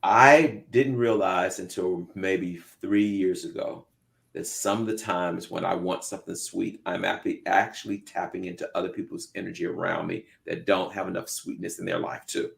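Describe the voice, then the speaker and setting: A man co-hosting a casual talk show, telling lively stories and acting out the voices in them. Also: low-pitched, normal speed, creaky. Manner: lively storyteller who acts out voices in his anecdotes. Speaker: podcast co-host. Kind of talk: casual chat, animated storytelling.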